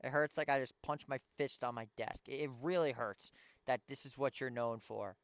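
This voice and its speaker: A man's voice: medium pitch, moderate pace, clean tone, dry recording. A young man hosting a pregame basketball show, ranting as a frustrated fan and sounding tired. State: tired, yawning. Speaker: sports show host.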